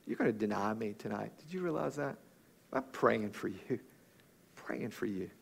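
A preacher voicing a gentle, patient male teacher in a soft, hushed, tender tone. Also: fairly low pitch, expressive, moderate pace, gravelly, a little hiss or hum, voice pushed down.

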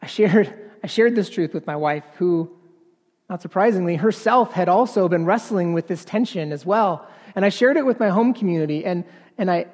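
A man preaching a sermon in an earnest, halting way, repeating words and then building to emphatic passages. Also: high-pitched, a little mellow, big-room sound.

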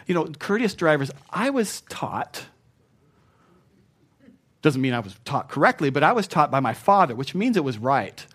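A man preaching a conversational sermon in church, chatty and self-mocking, teasing his congregation. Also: a little high. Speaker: pastor. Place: church sanctuary.

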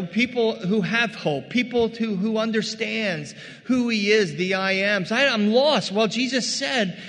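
A man preaching a sermon, animated, acting out quoted voices and rising to loud bursts. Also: high voice, long reverb tail. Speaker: pastor.

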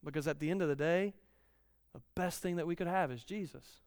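A man's voice: on the high side, fairly quick, a little mellow, no echo, long reverb tail. A man in his thirties preaching a conversational sermon, repeating key lines and rising in volume when he reads scripture.

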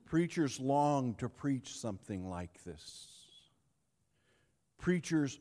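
A man preaching a sermon, telling a story with dramatic pauses and shifts between loud and hushed. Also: medium pitch, very animated, big-room sound. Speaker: pastor.

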